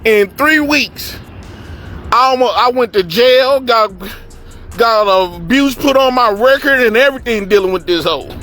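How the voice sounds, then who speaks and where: A man casually telling a profane, animated story and acting out the people he quotes. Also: extremely high pitch, measured pace, soft background music. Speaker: podcast host telling a story.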